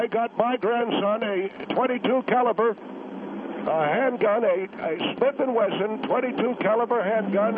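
A man voicing an older male war veteran grandfather who phones in, halting, stubborn and defiant. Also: high voice, noisy background, pitched above the performer's own voice. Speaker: caller. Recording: tinny phone line.

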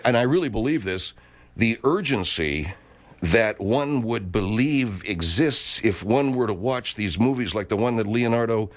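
A man hosting a comedic radio talk show, rambling and stammering through digressions in a studio. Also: lowish voice.

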